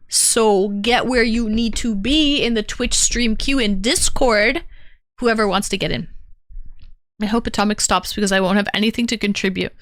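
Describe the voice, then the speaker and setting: Woman, livestream host, fairly high voice, chatty, laughs a lot, dry close mic. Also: fairly bright tone, no room sound. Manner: chatty, laughs often, greets chat. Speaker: streamer host of a call-in show. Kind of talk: casual livestream chat.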